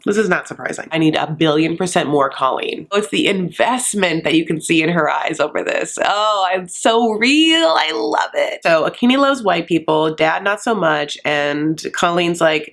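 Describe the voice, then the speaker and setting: A woman's voice: fairly high pitch, lively intonation, moderate pace. A woman hosting a casual comedic recap, sassy and gushing, full of filler "like". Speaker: host of a reality-show recap channel.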